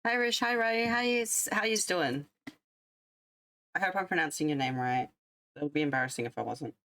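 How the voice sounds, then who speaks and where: A woman's voice: low voice, animated, moderate pace, a bit bright, no echo. A young woman streamer chatting casually with her viewers, rambling and self-deprecating. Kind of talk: casual livestream chat.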